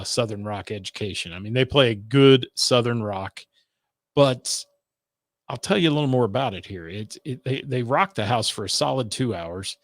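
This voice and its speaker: A man's voice: mid-range voice, dry recording. A man hosting a music radio show, chatting casually and rambling with lots of fillers while he thanks viewers for their comments. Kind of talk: casual live-stream chat, reading viewer comments.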